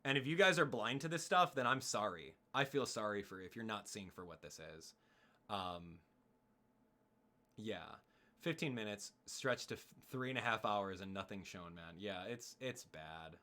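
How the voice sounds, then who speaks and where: A man's voice: lowish voice, expressive, normal speed, sharp tone. A young man streaming live, ranting in an exasperated, heated way and talking straight to his chat. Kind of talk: casual live-stream rant.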